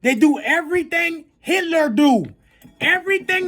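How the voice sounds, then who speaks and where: A video creator on an angry, profane spoken rant to viewers, who swings between shouting and muttering, breaks off to apologize, and keeps asking "you heard me" and "you feel me". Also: high-pitched, lively intonation, moderate pace, long pauses. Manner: apologetic asides between outbursts.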